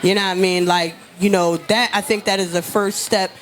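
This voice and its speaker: A woman with a mid-pitched voice talks casually on a talk-show panel. Her delivery is chatty and loose, and she keeps checking in with the listener. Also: steady tone, brisk, slight background noise. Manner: chatty, keeps saying "you know what I mean". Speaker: panel guest.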